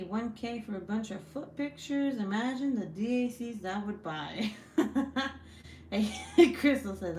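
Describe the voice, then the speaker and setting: Speaking at a medium pitch with a dark tone, this young woman hosts a home crafting stream, swearing freely, laughing a lot, and talking bluntly as she crafts. There's slight background noise, and the room echoes.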